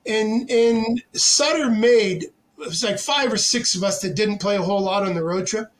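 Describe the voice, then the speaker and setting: A man guesting on a podcast, telling anecdotes in an animated, profane, casual way. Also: high voice, normal speed, slight background noise. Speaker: podcast guest, former hockey player. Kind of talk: casual storytelling.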